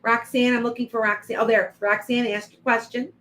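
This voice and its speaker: A woman's voice: a little high, flat delivery, fairly quick, a bit bright, slight background noise, low-quality recording. Chatty woman reading for livestream viewers. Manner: chatty, addresses viewers by name, frequent restarts. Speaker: psychic reader on a livestream. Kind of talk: live-stream reading and chat.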